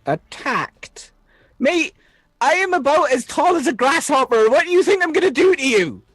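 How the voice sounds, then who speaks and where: A woman's voice: fairly high pitch, big pitch swings, unhurried, darkish tone, no room sound. A woman doing a tiny blustering alien engineer. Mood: indignant. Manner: blustering, calls everyone mate. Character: tiny brash male alien engineer, boastful. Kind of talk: tabletop role-play.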